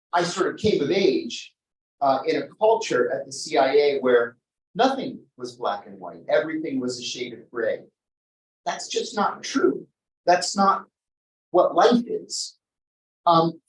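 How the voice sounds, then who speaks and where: Earnest man giving a slow tribute. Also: on the high side, reverberant, far from the mic, low-quality recording. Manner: earnest, measured, slow emphasis. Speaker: tribute speaker. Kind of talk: spoken memorial tribute. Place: event venue.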